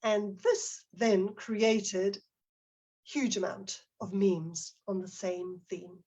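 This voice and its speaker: A woman's voice: mid-range voice, steady tone, very slow, warm tone. A middle-aged woman presenting a teacher-training webinar, explaining examples and reading out participants' chat comments.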